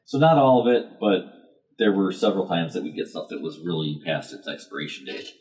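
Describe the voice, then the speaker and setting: Deep-voiced rambling man. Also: expressive, fairly quick, darkish tone. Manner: rambling, hesitant storytelling with many fillers. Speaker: podcast co-host. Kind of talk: casual chat.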